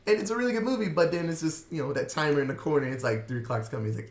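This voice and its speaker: A man co-hosting a casual podcast, telling the story with animated quoted lines. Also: a little high, rapid-fire, roomy sound. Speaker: podcast co-host. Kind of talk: casual chat.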